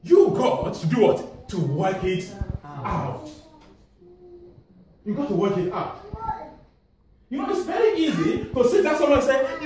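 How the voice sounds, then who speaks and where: A man with a Nigerian accent preaching a sermon, animated and laughing often, asking the congregation to finish his sentences. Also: very high-pitched, a little slow, long pauses, faint music behind. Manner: animated, asks the audience to fill in answers, laughs often. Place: church hall. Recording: echoey church hall from far off.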